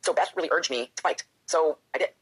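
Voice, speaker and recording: A woman speaks at a rapid clip, her voice husky and breathy throughout. She is a professional wrestler opening up in an interview, candid and emotional. She often slips into acting out the doubting voice in her own head. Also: low voice, a bit bright. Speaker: professional wrestler and author, guest.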